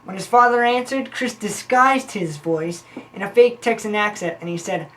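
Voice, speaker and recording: A woman playing a rambling, scheming female informant who tells long stories in a deadpan way. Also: medium pitch, normal speed, slight background noise, lightly acted, rough recording. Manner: long-winded, deadpan storytelling.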